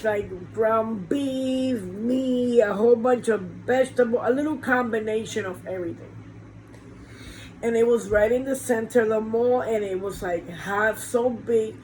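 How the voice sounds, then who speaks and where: A woman pastor giving an informal sermon from a small warm room with a fan running, preaching conversationally with rhetorical questions. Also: fairly high pitch, slow, slight background noise, low-quality recording.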